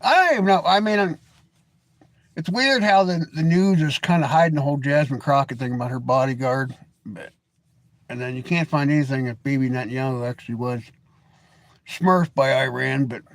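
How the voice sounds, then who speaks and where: There's no echo on this fairly high-pitched middle-aged man as he hosts a rambling live stream. He chats loosely, folksy and full of opinions, ranting as he goes.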